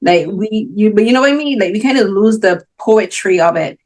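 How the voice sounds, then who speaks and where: A woman's voice: medium pitch, expressive, a little fast, darkish tone. A woman from Barbados with a Bajan accent, hosting an interview in a chatty, rambling way, full of likes and restarts. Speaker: interview host. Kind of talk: casual interview conversation.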